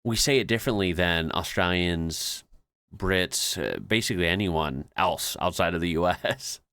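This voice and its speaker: A man's voice: low voice, normal speed, bright, forceful tone, clear, resonant tone, no echo, clean studio sound. An American man hosting a reaction video, chatting in a laid-back way and laughing often. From United States. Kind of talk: casual reaction commentary.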